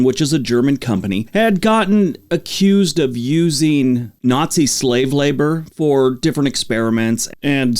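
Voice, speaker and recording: A man's voice: medium pitch, darkish tone. A man hosting a daily history podcast, reading dates and adding casual, conversational asides. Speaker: podcast host.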